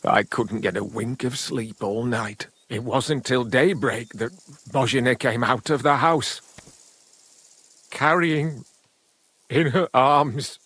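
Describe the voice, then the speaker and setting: An actor voicing a middle-aged village father in a medieval game, slow and brooding, grieving and bitter with angry bursts. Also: medium pitch, a bit bright, breathy edge, no room sound, full character voice. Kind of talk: voiced game dialogue.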